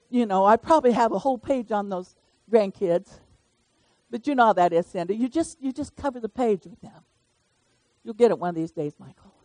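A woman's voice: fairly high pitch, a little mellow, no room sound. An older woman preaching a sermon in a folksy, conversational way, calling on listeners by name.

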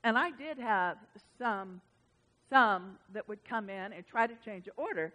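A woman's voice: mid-range voice, a little slow, sharp tone. Woman pastor preaching in an echoing hall. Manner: conversational storytelling, repeating words for emphasis. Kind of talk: sermon. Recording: long reverb of a large hall.

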